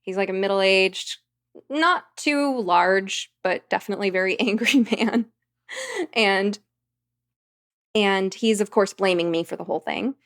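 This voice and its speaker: Woman with a gravelly voice. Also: mid-range voice, a little slow. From United States. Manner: vivid anecdotal telling. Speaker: podcast guest. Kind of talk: casual conversational storytelling.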